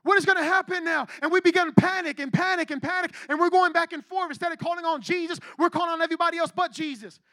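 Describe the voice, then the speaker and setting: Delivering a lively youth sermon rather than a formal one, this preacher has a strikingly high, bright and forceful voice, speaking fast with few pauses. He's animated and slangy, acting out people's panicked reactions, and the recording is close and dry with no room sound.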